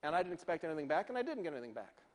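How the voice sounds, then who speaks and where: Male keynote speaker, animated storyteller, fairly high voice, echoey hall. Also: very fast. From Northern Virginia. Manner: animated, acts out the voices of people in his stories.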